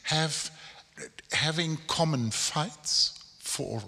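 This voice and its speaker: A man moderating a panel discussion, halting and repeating words as he searches for phrasing. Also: on the high side, pushed and bright. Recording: reverberant lecture hall.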